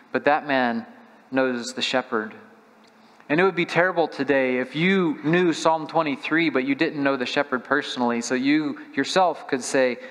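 A man's voice: fairly high pitch, fairly bright tone. A man preaching a sermon as a missionary, earnest and plain-spoken, putting direct questions to the congregation. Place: church sanctuary. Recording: long church reverb.

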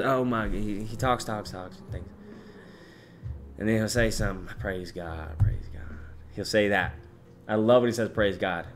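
A young man talks on a live stream in a low voice, answering chat at his own easy pace. He rambles and swears casually. Faint music sits behind him.

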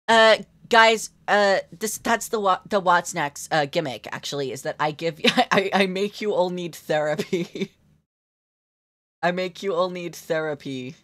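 Giggly young woman streamer, lowish voice. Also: a bit bright. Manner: playful, giggly, talks to chat. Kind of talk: casual live-stream chat while drawing.

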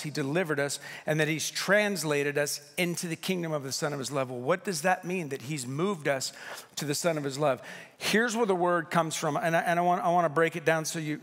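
A middle-aged male pastor delivers a sermon in a church sanctuary, his voice sitting a little high for a man. He preaches conversationally, animated and playful, and his words ring out with a long church reverb. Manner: conversational and animated, with playful asides and acted-out quotes. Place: church sanctuary at a candlelight service.

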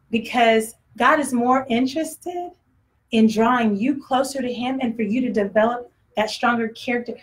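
A woman's voice: a little high, moderate pace, a little hiss or hum, low-quality recording. A woman preaching a sermon in a conversational way, often acting out voices and laughing.

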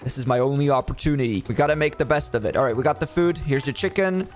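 A man giving casual, excitable game commentary as he plays, joking and talking to the characters on screen. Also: mid-range voice, fast talker, soft background music. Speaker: gaming YouTuber.

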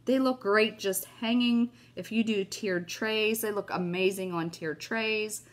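A woman's voice: mid-range voice, a little slow. A woman hosting a casual crafting tutorial. She talks in a gushing, chatty way and has a cough. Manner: gushing, chatty, keeps saying "you guys" and "oh my gosh". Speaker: craft video host.

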